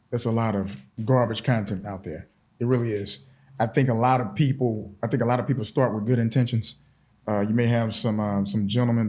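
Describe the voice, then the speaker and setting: A man's voice: medium pitch, darkish tone. A man who is a podcast guest in casual chat, earnest and encouraging, often repeating words as he builds toward his point. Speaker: podcast guest, fraternity chapter president.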